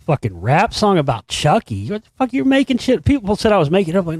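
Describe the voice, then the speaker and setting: A middle-aged man hosting a show, telling a story in a casual, profane, animated way and laughing as he goes. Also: fairly high pitch, quick pace, few pauses, no echo, clean studio sound. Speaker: podcast host.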